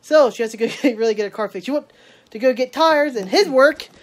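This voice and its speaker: A woman's voice: sits high, brisk, no echo. A woman vlogging casually outdoors in the countryside, rambling chattily and talking to her dog as she walks. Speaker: daily vlogger. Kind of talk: casual vlog chat.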